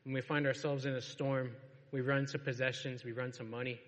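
A man's voice: mid-range voice, level tone, fairly quick. A man preaching a sermon to a congregation in a church, in a casual storytelling way and laughing often. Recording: long reverb of a large hall.

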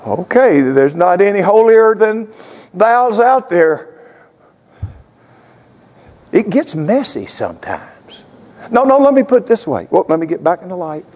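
A man preaches in a high, bright-pitched voice, his words ringing out with a long sanctuary echo. He moves from folksy, chatty asides into fervent, shouted prayer. He is a pastor from Tennessee addressing his congregation. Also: big pitch swings, measured pace, long pauses. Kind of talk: sermon. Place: church sanctuary with stage lights. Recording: long reverb of a large sanctuary.

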